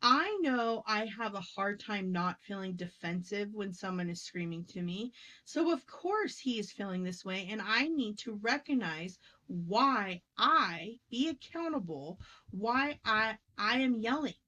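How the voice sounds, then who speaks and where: A woman talking about inner healing in a casual teaching conversation, emphatic and lively, acting out quoted voices as she goes. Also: medium pitch, measured pace, few pauses, poor audio. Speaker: spiritual teacher.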